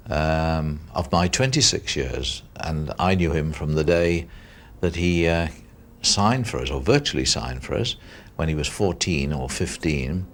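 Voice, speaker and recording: Deep-voiced older man telling a story. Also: unhurried, hardly any pauses. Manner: rambling anecdote with ums and uhs. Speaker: club chairman. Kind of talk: interview recollection.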